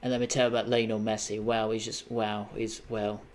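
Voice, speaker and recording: A man imitating a soft-spoken male footballer who keeps trailing off and repeating himself while struggling to give praise. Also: fairly low pitch, flat delivery, background noise, close to an everyday voice. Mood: hesitant. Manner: halting, trailing off, repeating "well".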